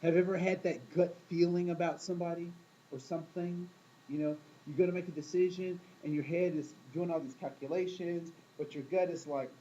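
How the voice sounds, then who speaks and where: A man's voice: a little high, steady tone, moderate pace, warm tone, highs cut off, slight background noise. A man teaching a class in a casual, storytelling way, often asking the room questions and acting out quoted voices. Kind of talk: classroom talk to students.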